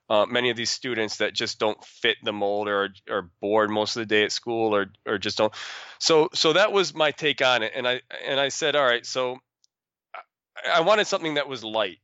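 A man, a schoolteacher being interviewed, talking casually and haltingly, often restarting and repeating words. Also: on the low side, pushed and bright, clean tone, no room sound, muffled recording. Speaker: schoolteacher and program founder, guest.

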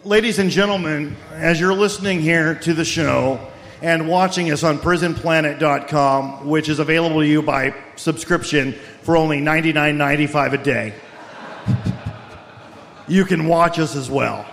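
A man's voice: a little high, fairly even intonation, normal speed, vocal fry, a bit bright, slight background noise. Guy doing a paranoid conspiracy radio host, bombastic and ranty, lots of hall reverb. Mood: ranting. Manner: bombastic, escalating rants with mock-grave pronouncements. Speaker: comedic co-host. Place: live event hall.

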